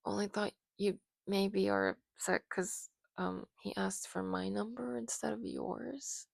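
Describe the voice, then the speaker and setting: A woman's voice: medium pitch, steady tone, measured pace, vocal fry, no echo, clean studio sound, voice pushed up. A woman voicing a shy, clingy young woman who hesitates and frets. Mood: hesitant. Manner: hesitant, whiny.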